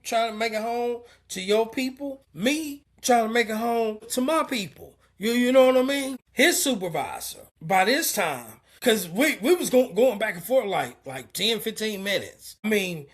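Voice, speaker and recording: A truck driver from Indianapolis tells a story straight to the camera. The delivery is loose and full of stammered repeats and swearing, and it gets animated in the retelling. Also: medium pitch, moderate pace, hardly any pauses. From Indianapolis, USA. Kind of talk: casual storytelling vlog.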